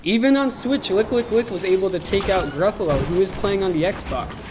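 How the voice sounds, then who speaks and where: A young man doing deadpan, joking play-by-play commentary for an amateur game tournament. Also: high-pitched, brisk. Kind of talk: joking esports commentary over gameplay. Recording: game music under the voice.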